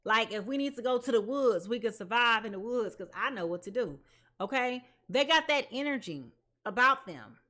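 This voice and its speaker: A woman's voice: fairly high pitch, expressive, moderate pace, sharp tone. A woman giving a live tarot reading, talking in an emphatic, repetitive way with casual slang. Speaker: tarot reader.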